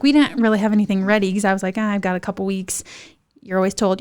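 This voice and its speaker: A young woman, a podcast guest telling a funny story in a lively, animated way and acting out other people's voices. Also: quick pace, clear, resonant tone. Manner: lively, acts out voices of others in high excited tones. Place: podcast studio.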